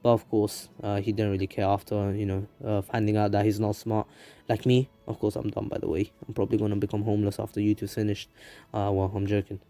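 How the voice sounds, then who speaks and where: A man's voice: fairly low pitch, level tone, fast, warm tone. A man casually narrating a fan story, rambling with many fillers and restarts.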